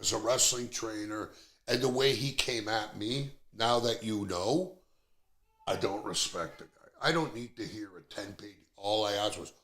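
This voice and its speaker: A middle-aged Canadian man hosts a podcast, ranting bluntly in casual chat with lots of profanity. He talks at a measured pace in a lowish, slightly bright voice.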